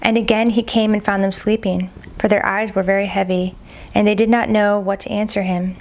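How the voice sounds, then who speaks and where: A woman reading scripture aloud at a steady, measured pace, sometimes stumbling on a hard name and repeating it. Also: medium pitch. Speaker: Bible reader.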